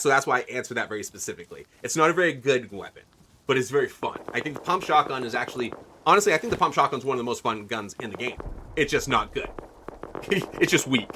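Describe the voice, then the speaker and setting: A man's voice: mid-range voice, bright, forceful tone, slight background noise. A man streaming a video game, rambling casually and asking his viewers what they think. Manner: rambling, chatty, asks viewers questions. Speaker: livestreamer. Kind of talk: casual gaming commentary.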